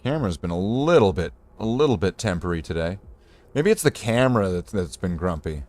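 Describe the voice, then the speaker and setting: A man's voice: deep voice, very animated, brisk, a little mellow. A man casually chatting while painting miniatures, rambling and joking at his own expense. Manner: rambling, joking, self-deprecating. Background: faint guitar music.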